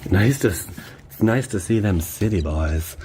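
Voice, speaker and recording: Rambling low-voiced guy opening card packs. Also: unhurried, very noisy. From Cleveland area, Ohio. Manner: rambling, excitable, slangy asides to viewers. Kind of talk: casual chat while opening card packs.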